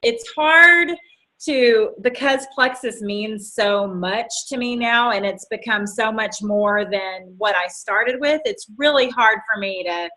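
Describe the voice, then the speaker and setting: A woman's voice: a little high, slow pace, sharp tone, low-quality recording. A woman with a Southern US accent co-hosting a casual chat, talking enthusiastically and agreeing readily. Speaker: network marketing co-host. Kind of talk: casual sales coaching chat.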